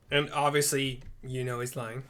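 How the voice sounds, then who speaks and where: A man's voice: mid-range voice, flat delivery, a little slow, sharp tone, slight background noise. A man running a tabletop game as game master, improvising rulings in a playful way and laughing often.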